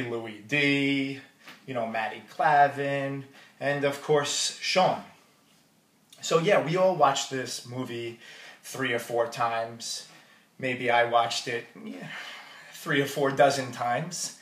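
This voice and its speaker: A man giving a wedding toast, telling jokey stories about the groom. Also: mid-range voice. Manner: storytelling, jokey and warm toward the groom. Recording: roomy hall audio from a distance.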